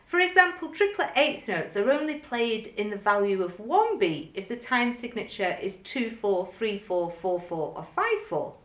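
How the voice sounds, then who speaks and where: A woman teaching music, explaining things clearly and methodically and counting rhythms aloud. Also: medium pitch, sing-song, moderate pace, few pauses, echoey room. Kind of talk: instructional video lesson.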